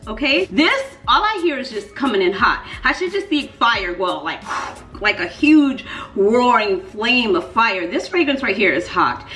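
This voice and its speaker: A woman talking casually to her viewers, animated and playful, leaning on emphatic repeats. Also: a little high. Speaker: fragrance reviewer. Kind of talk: casual vlog review. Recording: echoey room.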